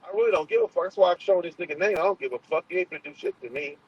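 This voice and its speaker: Husky-voiced man ranting on a livestream. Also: high-pitched, very fast, no room sound, highs cut off. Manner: rambling, profane, confrontational, many fillers and restarts. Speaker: livestream host. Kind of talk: heated livestream monologue.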